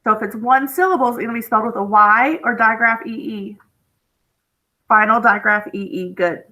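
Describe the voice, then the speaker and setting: A woman teacher giving a spelling lesson to young students, drawing out each word slowly and patiently. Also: on the high side, pushed and bright, poor audio.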